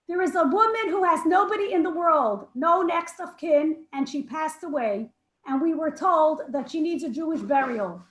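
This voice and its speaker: A woman telling a personal story at a women's gathering over a video call, emotional and halting, restarting her sentences. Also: high-pitched, fairly bright tone, roomy sound, poor audio. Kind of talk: heartfelt storytelling.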